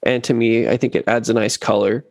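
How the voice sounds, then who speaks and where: A man in casual chat, telling a long story about a gig and acting out what others said in lively quoted voices. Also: mid-range voice, brisk, gravelly, no echo, studio quality. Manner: animated, acts out quotes of others. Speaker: bass player telling a story.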